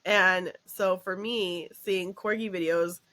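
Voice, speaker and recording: A woman's voice: fairly low pitch, slow pace. Laughing woman podcast host. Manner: laughing, animated storyteller. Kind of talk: casual chat.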